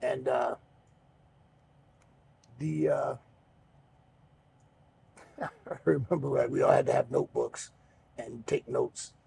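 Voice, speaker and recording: A middle-aged man hosting a podcast, telling stories in a relaxed, rambling way, swearing freely. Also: mid-range voice, takes it slowly, creaky, pauses often, slight background noise. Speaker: podcast host and pro wrestler. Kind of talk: casual storytelling chat.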